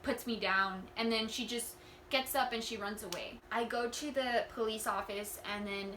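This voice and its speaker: A young woman speaks with a bright, sharp, fairly high voice, telling her own story in an earnest, rambling way with many restarts. She is recorded in an echoey room with a faint hum of ambience behind her. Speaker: vlogger. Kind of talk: candid personal storytelling.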